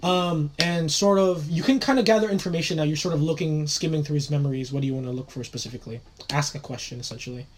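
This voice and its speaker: A man's voice: fairly high pitch, fast, a crowd in the background. A man running a tabletop game as game master, talking hesitantly with lots of fillers and laughs. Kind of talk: narrating a tabletop game, casual.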